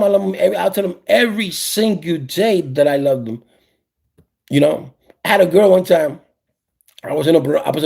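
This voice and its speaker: A man in casual conversation, speaking his mind with animated conviction. His voice sits a little high, gravelly and husky, and he often repeats himself as he works his way through a point. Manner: animated, repeats and restarts phrases. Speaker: podcast host. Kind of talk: casual opinionated chat.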